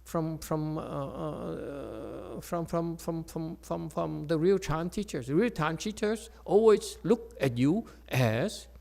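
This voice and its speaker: A man's voice: a little high, takes it slowly, creaky, hardly any pauses. A man giving a Chan meditation Dharma talk, checking in with frequent "okay?" tags and restarting phrases, his voice jumping up when he makes a point. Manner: animated, voice jumps up when emphatic.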